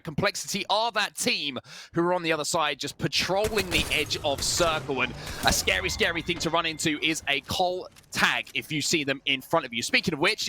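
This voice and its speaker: A young British man calling an esports match at a rapid clip, his voice bright and forward. He pitches a little higher than most men and leaps up in pitch for exclamations, and a faint hiss sits under the mic. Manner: fast, excitable play-by-play, jumping into higher exclamations. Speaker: esports caster. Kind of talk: play-by-play commentary.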